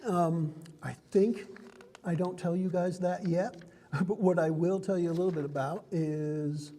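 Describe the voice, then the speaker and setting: In a card and game shop with a long reverb tail, a man with a high but warm, mellow voice acts as game master for a tabletop game. Speaking at a measured pace with fairly even intonation, he cheerfully and chattily walks his players through the rules, frequently laughing.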